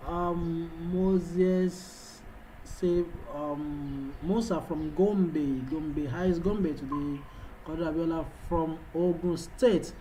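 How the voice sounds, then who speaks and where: Slow and mellow, with a slightly high voice, a Nigerian trading analyst whose first language is Yoruba hosts a livestream on a low-quality, faintly hissing recording. He fires up his viewers in live chat with repetitive calls, faking a foreign-sounding English accent.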